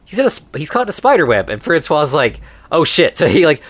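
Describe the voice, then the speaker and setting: A man co-hosting a podcast, casually recapping a movie and putting on quick voices for its characters. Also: on the high side, sing-song, no room sound. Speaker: podcast co-host.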